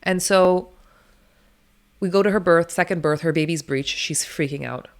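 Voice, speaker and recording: A woman, a doula and interview guest, telling her stories in a blunt, emphatic way and swearing freely. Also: lowish voice. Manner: rapid, run-on storytelling. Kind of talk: candid storytelling interview.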